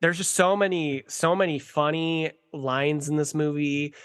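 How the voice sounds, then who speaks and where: A young man talking animatedly as a podcast guest, gushing in quick bursts. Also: on the high side, steady tone, a bit bright, clean tone. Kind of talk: casual chat.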